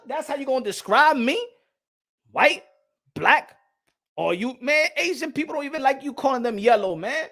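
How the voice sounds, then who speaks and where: A boxing channel host, a man with a high voice, rants heatedly to camera. He is profane and keeps repeating himself as he argues his point. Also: expressive, normal speed, gravelly, fairly bright tone. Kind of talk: casual opinion rant to camera.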